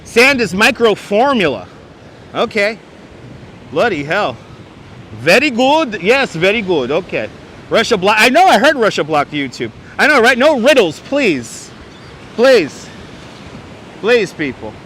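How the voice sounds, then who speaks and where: A man's voice: high-pitched, big pitch swings, measured pace, long pauses, a bit bright. A man hosting a casual livestream outdoors on a beach, reading out viewer comments and joking dryly, with a clip-on wireless mic. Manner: wry, joking, mock-announcer asides. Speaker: livestream host. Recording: faint wind and surf noise.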